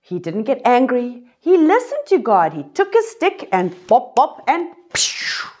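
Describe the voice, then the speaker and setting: A woman teaches a children's Bible lesson, her voice high and swooping. She talks slowly and acts out voices and sound effects. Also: huge pitch swings, a little mellow. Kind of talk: animated Bible lesson for kids.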